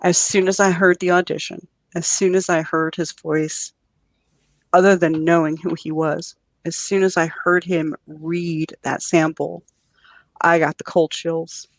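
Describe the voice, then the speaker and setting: A woman writer as a guest on a podcast, telling an excited story about her audiobook. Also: sits low, dry recording. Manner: animated storyteller. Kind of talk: podcast interview.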